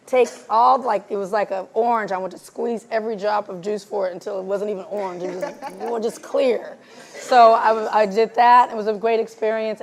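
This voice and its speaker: A woman from South Los Angeles, a guest filmmaker answering questions in a live conversation, animated and laughing often as she acts out conversations. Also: mid-range voice. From South Los Angeles, USA.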